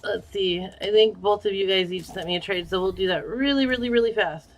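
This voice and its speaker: A woman's voice: mid-range voice, fairly quick. A woman live-streaming a giveaway, chatting casually with viewers and reading out their names. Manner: chatty, reads viewer names and answers chat.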